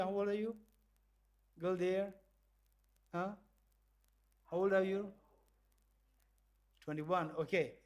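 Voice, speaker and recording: A man's voice: high voice, a little mellow. A man lecturing and leading a group exercise, acting out little dialogues and laughing often. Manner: playful, acts out dialogue in small voices and laughs often. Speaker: visiting professor lecturing. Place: lecture hall.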